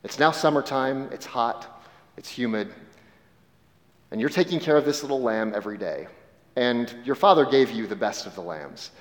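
A man preaching, telling a vivid second-person story, dropping soft and slow at key moments. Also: mid-range voice, animated. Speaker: pastor. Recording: long reverb of a large hall.

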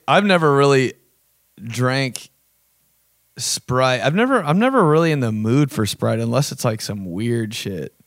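A man's voice: mid-range voice, dry recording, clean studio sound. A man hosting a video, ranting casually and comedically in a rambling, profane way. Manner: rambling, profane, joking, fond of bro and dude. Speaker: vlog host.

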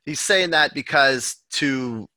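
A man's voice: mid-range voice, slow pace, bright, forceful tone, dry recording. A man co-hosting a podcast, chatting in a loose, rambling and joking way. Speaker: podcast co-host. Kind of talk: casual chat.

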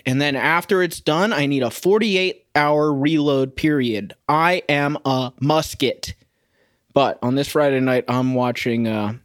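Casting: young man, mid pitch, dry close sound, loose rambling solo-podcast host who amuses himself. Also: dry recording. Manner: rambling and self-amused, sings snatches of a song. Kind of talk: casual solo podcast monologue. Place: home kitchen.

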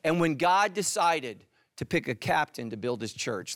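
Joking pastor telling stories. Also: male voice, on the high side, sing-song, moderate pace, no echo, clean studio sound. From California. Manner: humorous storytelling, drops to hushed tones for emphasis. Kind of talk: sermon.

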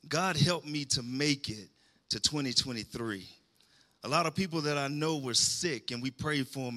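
A man's voice: on the high side, pushed and bright. A man preaching a sermon, calling out to the congregation and rising into emphatic bursts.

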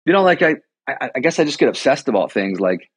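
A man's voice: medium pitch, sing-song, quick pace, breathy edge, no room sound. Male coach from Milwaukee, chatty rambling guest, dry close sound. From Milwaukee, USA. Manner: rambling storyteller, heavy use of "like" and "you know". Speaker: boxing and Muay Thai coach, guest. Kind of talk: casual chat.

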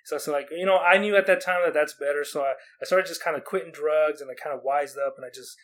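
A young man from Oregon tells a rambling story in casual chat, his words tumbling out quickly in a slightly high voice. He restarts often and acts out what people said. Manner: rambling, many likes and restarts, acts out quotes.

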